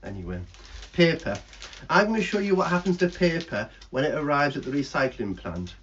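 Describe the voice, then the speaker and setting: A man's voice: fairly high pitch, very animated, a little fast, fairly bright tone, a little hiss or hum. A man presenting a recycling show to schoolchildren, playful and teacherly, talking straight to the kids. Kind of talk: children's stage show patter. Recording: dull lo-fi recording.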